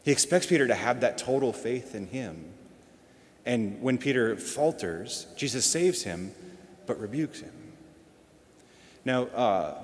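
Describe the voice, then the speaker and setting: A man's voice: medium pitch, animated, unhurried, pauses often. A man reading a gospel passage and then giving a homily in an earnest, reflective manner. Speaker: preacher. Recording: long hall reverb.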